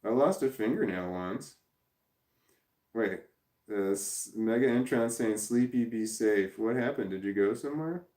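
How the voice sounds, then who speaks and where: A man's voice: lowish voice, a little slow, a little mellow. A man in his forties hosting a casual livestream and reading viewer comments, rambling, swearing and interrupting himself. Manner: rambling, profane, self-interrupting. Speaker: livestream host. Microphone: camera in front. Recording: roomy echo.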